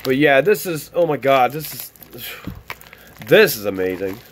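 Gushing excitable man unboxing mail. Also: mid-range voice, a little slow, a little hiss or hum. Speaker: YouTube vlogger opening mail. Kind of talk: excited casual unboxing chat.

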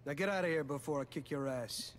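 An actor playing a combative dockworker who talks back confrontationally. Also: male voice, fairly high pitch, quick pace, slight background noise, natural voice. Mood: defiant. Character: defiant male dockworker, combative.

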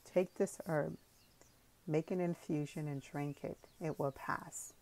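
A chatty, fussing older village mother, read by a woman narrator in an audiobook. She talks in a low, steady voice full of motherly worry. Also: takes it slowly, gravelly, full character voice, poor audio.

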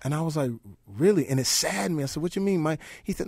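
Man, 40s, animated storyteller with impressions, slightly high voice, dry close mic. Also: fast talker, gravelly, breathy edge, no room sound. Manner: animated, does voices and shouts in his stories. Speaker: guest on a radio show.

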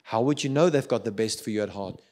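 A middle-aged man with a South African accent preaching a sermon, swinging between loud urging and quiet reflection. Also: fairly low pitch, fast talker. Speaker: pastor.

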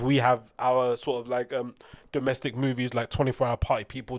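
A man's voice: on the high side, no echo, clean studio sound. A man with a British accent, hosting a rambling solo podcast with opinionated commentary full of fillers and digressions. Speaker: podcast host.

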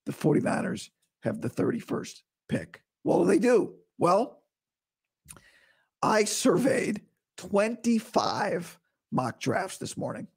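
A man with a hoarse, rough voice, recovering from vocal cord surgery, hosting a casual solo sports podcast in a blunt, opinionated way. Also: high-pitched, sing-song, slow, darkish tone. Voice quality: rough, breathy voice dropping into whispers. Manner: blunt, opinionated, talks straight to listeners.

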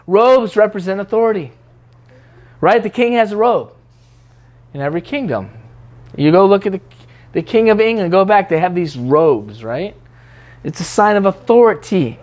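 High-voiced man preaching casually. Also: animated, moderate pace. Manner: conversational, teasing, mimics what others say in prayer. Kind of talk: sermon.

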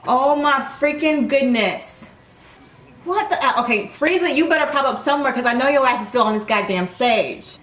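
A woman hosting an anime reaction video, swearing, gasping and shouting at the screen. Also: sits high, normal speed, echoey room. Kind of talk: excited reaction commentary.

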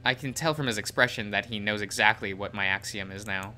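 A man's voice: fairly low pitch, fairly quick, sharp tone, faint music behind. A man reading a visual novel aloud as the show's host, in plain narration. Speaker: game reader.

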